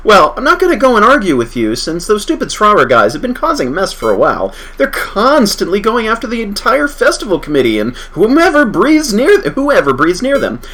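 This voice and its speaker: A man's voice: high-pitched, huge pitch swings, fairly quick, few pauses, fairly bright tone, pitched above the performer's own voice, heavily acted. Rambling friendly female scientist, everyday voice from a man reading her lines.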